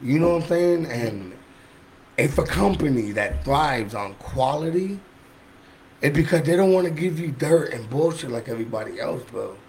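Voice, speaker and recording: A man's voice: on the high side, animated, moderate pace, vocal fry, a little mellow. Passionate man in casual chat. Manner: passionate, repeats himself, restarts. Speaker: guest, medical cannabis worker.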